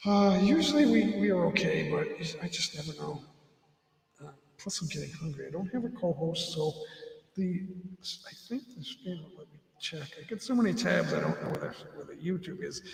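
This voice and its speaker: Casual stream host, middle-aged man, chews while talking, lively pitch, distant echoey room. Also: moderate pace, creaky. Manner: rambling, talking while chewing. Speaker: livestream host. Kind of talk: casual rambling livestream chat.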